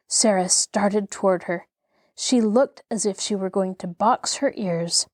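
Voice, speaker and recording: A woman narrating a classic novel as an audiobook host, in a measured, expressive way. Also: medium pitch, no room sound, studio quality.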